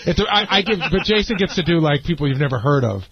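A man in casual radio studio banter, talking in rapid bursts with halting restarts. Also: on the high side, expressive. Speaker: radio show producer. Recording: dull muffled radio broadcast.

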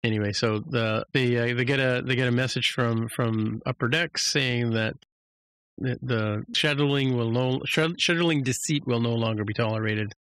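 Male co-host, chatty episode recap, mid-range voice, jumps high to act out characters, dry booth sound. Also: normal speed, a bit bright, dry recording. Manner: rambling recap with many restarts, acts out lines in a raised voice. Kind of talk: casual chat.

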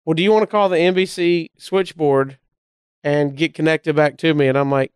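A comedian from Alabama with a Southern accent, telling a story casually and acting out the voices of the people in it. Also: male voice, fairly high pitch, steady tone, normal speed, clear, resonant tone, no room sound, clean studio sound. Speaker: comedian guest.

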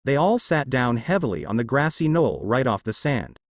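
Lively male story narrator, dry sound. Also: mid-range voice, normal speed, no echo. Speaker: fanfiction narrator. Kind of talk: storybook narration reading all parts.

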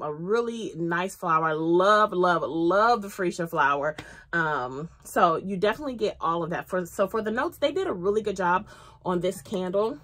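Chatty woman with a lively pitch. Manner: chatty and excitable, many ums. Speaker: candle reviewer. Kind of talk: casual chat.

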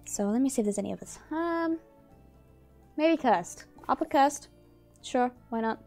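A woman's voice: sits high, lively intonation, measured pace, a little mellow. Chatty woman streamer muttering over a game. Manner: chatty, mutters to herself, mild swearing. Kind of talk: casual gameplay commentary. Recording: dry sound with faint music behind.

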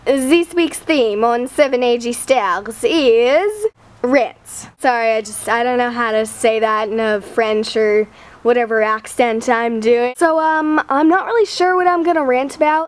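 A bubbly woman with a bright, high voice chats her way through a casual vlog outside on the grass. She gushes and exclaims at everything around her, quick to squeal at small surprises. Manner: bubbly, giggly, lots of excited exclamations. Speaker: vlogger on a shared channel. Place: outdoors in sunlight on grass.

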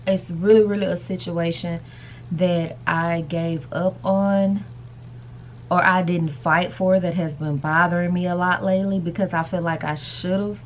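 A woman's voice: fairly low pitch, steady tone, unhurried, lo-fi sound, slight background noise. A woman chatting casually to camera in a rambling vlog, calling her viewers y'all and baby. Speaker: vlogger.

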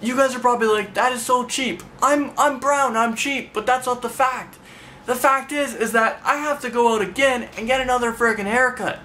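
High, bright-voiced man ranting angrily. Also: moderate pace, slight background noise. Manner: angry, profane, rambling rant. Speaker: vlogger. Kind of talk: ranting storytelling to camera.

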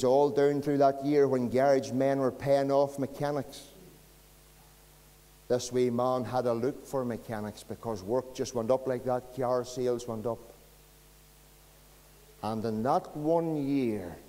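A man's voice: medium pitch, dark tone, big-room sound. A man with a Northern Irish accent, a pastor preaching a sermon in a folksy storytelling way. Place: church.

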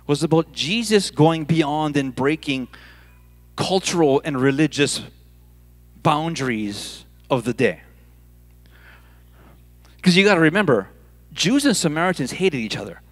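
A man from Hawaii preaching a sermon on a church stage, telling the story in a playful, animated way and repeating words as he goes. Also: fairly high pitch, slow, pauses often. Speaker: pastor.

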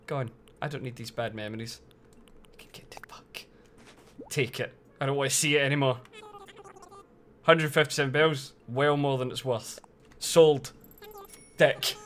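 Loud swearing Scottish man streaming. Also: medium pitch, slight background noise. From Scotland. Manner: loud, swears a lot, playful mock outrage. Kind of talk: casual live-stream commentary.

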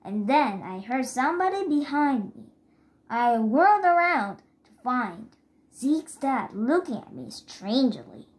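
A woman reading a children's chapter book aloud in careful, steady first-person narration. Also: high voice, unhurried. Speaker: reader.

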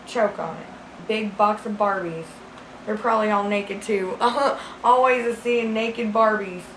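A woman playing a crude, rambling small-town woman who hosts a deadpan comedy segment about ad deals, with a gravelly voice. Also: mid-range voice, measured pace, a little hiss or hum, natural voice. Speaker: comedy sketch host character. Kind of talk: deadpan comic monologue. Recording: roomy echo.

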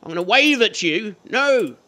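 A man's voice: high voice, lively intonation, moderate pace, pushed and bright. A man giving chatty let's play commentary, teasing and scolding the game and its characters as he plays. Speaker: gaming YouTuber.

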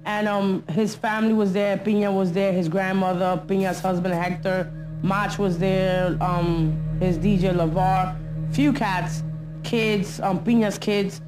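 A woman's voice: mid-range voice, fairly even intonation, unhurried, music in the background. Young woman, slangy, rambling documentary interviewee. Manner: street slang, loose storytelling.

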